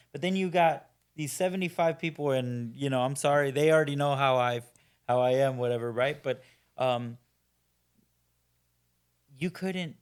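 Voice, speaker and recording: Middle-aged american guy on a podcast, blunt and opinionated, rambles with lots of um and you know, mid-pitched voice. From United States. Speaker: podcast guest. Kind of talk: casual interview talk.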